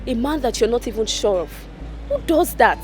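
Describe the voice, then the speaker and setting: An actress playing a caring, outspoken friend, pleading and insisting in a slow, emphatic way. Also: female voice, on the high side, lively intonation, lightly acted. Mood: concerned. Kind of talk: film acting. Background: film music.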